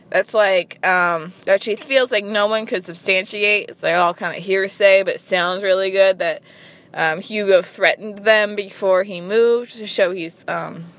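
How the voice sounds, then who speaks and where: A woman chatting casually to camera, talking in quick bursts and restarting her sentences. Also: medium pitch, a bit bright. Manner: chatty, peppered with "like", frequent restarts. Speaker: vlogger. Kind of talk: casual chat.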